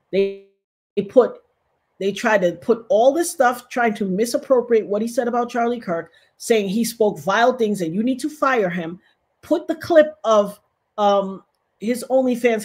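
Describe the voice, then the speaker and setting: A woman hosting a casual livestream, reading viewer comments aloud and talking straight to her audience in an animated way. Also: fairly high pitch. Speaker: livestream host.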